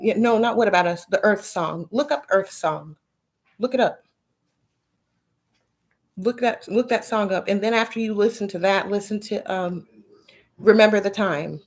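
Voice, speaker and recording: Woman on a blunt, profane rant. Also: medium pitch. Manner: heated, blunt and profane, with rhetorical questions. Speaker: vlogger. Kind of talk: ranting monologue to camera.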